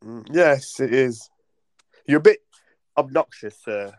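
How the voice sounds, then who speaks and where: A man's voice: mid-range voice, takes it slowly, no echo. A man with an English accent on a video chat, prim and formal, often repeating himself. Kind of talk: casual video chat argument.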